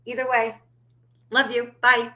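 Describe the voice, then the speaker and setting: A woman's voice: on the high side, little pitch movement, unhurried, sharp tone. Chatty woman hosting a livestream. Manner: chatty, laughs often, swears casually. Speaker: livestream host. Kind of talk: casual chat.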